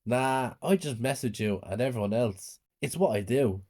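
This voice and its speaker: Guy putting on a cheeky kid brother voice, laid back, mellow tone. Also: mid-range voice, moderate pace, close to an everyday voice. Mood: reassuring. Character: mischievous little brother, young boy.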